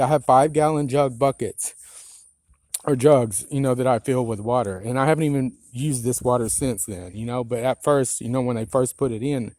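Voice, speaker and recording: A man's voice: mid-range voice, brisk, darkish tone, dry recording. A man filming himself outdoors on his rural land with a phone, ranting angrily with profanity and many rambling "you know"s. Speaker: property owner filming a complaint. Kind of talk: angry handheld vlog rant.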